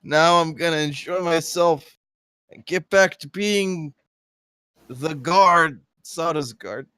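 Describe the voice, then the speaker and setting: A man playing a tabletop game in character, stammering and swinging between loud and mumbled lines. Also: on the high side, slow pace, clean tone, no room sound. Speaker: player. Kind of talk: in-character tabletop role-play.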